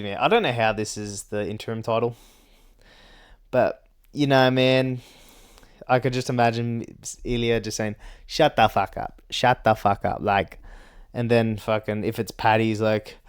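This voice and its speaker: A man with a smooth, lowish voice hosts his own MMA commentary vlog, rambling through casual chat about fights. He swears often and laughs between points.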